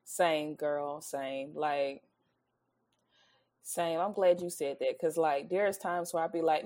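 A woman's voice: low voice, steady tone, slow, darkish tone. A woman co-hosting a podcast in casual chat, sassy, blunt and emphatic. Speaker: podcast co-host.

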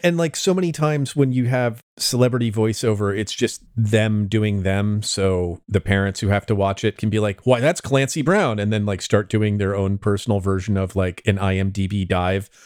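Low-voiced man in a dry recording. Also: steady tone, moderate pace, few pauses, darkish tone, clean tone, dry recording. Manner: rambling, hedging with fillers. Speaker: podcast co-host. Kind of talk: casual chat.

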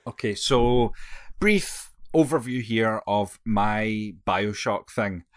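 A man's voice: fairly low pitch, slow, no echo, clean studio sound. A man, co-hosting a casual chat and rambling through his opinions, often correcting himself. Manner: rambling, self-correcting, jokey. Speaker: podcast co-host.

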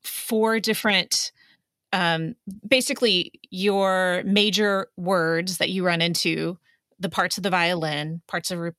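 A woman's voice: fairly low pitch, steady tone, takes it slowly, fairly bright tone, dry recording, studio quality. A woman co-hosting a podcast in casual, playful chat, often laughing. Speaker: podcast co-host.

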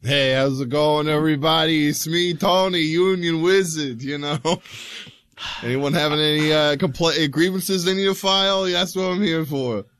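A man's voice: a little high, a little slow, fairly bright tone, a little hiss or hum, pitched above the performer's own voice. Man doing a chummy union wizard. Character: chummy male union wizard, folksy and helpful.

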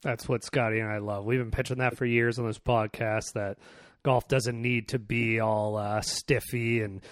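A man's voice: mid-range voice, flat delivery, moderate pace, no room sound, studio quality. A man hosting a podcast, chatting casually and asking easygoing questions. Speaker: podcast host. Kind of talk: casual chat.

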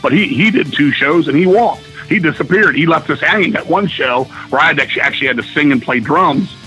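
Bright-voiced, swearing rock musician, man. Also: fairly high pitch, fairly quick, highs cut off, faint music behind. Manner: profane, excited storyteller. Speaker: guest musician. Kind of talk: casual storytelling interview.

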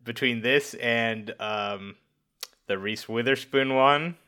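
A man's voice: medium pitch, slow, pushed and bright, clean tone. A man co-hosting a podcast in casual chat, rambling and hesitant, with many fillers and chuckles. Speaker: podcast co-host.

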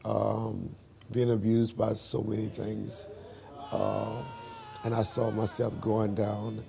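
A man in an interview, telling his life story in a lively storytelling way and acting out the dialogue. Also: on the low side, takes it slowly, gravelly, a crowd in the background.

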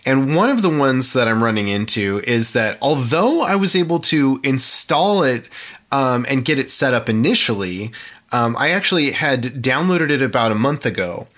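Bright-voiced man, halting tech podcast chat. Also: medium pitch, animated. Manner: hesitant, many restarts and fillers. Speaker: podcast co-host.

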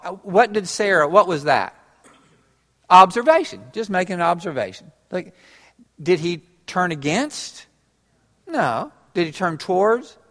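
A man's voice: high voice, a bit bright. A man preaching an interactive sermon, talking conversationally and laughing along with his congregation. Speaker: pastor. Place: church. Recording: reverberant church hall.

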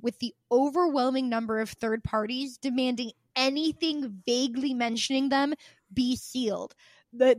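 Female podcast co-host, high voice, exasperated ranter who swears and acts out quotes; dry, close recording. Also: no echo. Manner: ranting, exasperated, swears freely; acts out quoted people with shifts of voice. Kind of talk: casual podcast chat.

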